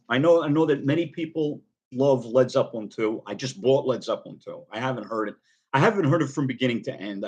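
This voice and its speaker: A man's voice: medium pitch, husky. Rambling middle-aged man talking records. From United States. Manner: rambling, many ums and restarts. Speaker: record collector vlogger. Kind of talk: casual talk to camera about records.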